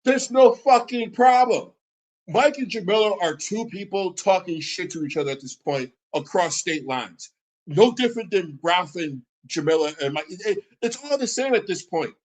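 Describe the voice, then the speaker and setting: Combative male streamer, high-pitched, profane, mocking. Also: expressive, normal speed, poor audio. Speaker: streamer reacting to a video. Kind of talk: heated reaction commentary.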